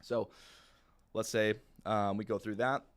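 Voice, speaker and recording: A man teaching new sales agents how to work a phone script, in a chill, fairly monotone way, often checking in with "right?" and "okay?". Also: unhurried. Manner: calm, low-key delivery with frequent "right?" and "okay?". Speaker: sales trainer. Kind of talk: training talk on a phone script.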